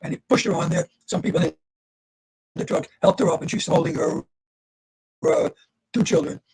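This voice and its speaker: An older man in his eighties with a high, gravelly and very husky voice, speaking over a video call. He tells his story earnestly and turns to talk directly to the students listening. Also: normal speed, darkish tone, low-quality recording. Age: 80s. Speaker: Holocaust survivor speaking to students. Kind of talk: livestreamed talk.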